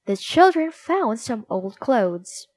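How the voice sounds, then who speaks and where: A woman reads a children's storybook aloud, slow and expressive. Her voice is fairly high, with plenty of movement in pitch. The recording is close and dry. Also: dry recording. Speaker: narrator.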